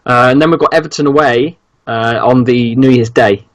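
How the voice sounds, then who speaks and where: A man's voice: mid-range voice, normal speed. A man hosting a casual football podcast who talks in a rambling, hesitant way with ums and restarts. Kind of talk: casual chat.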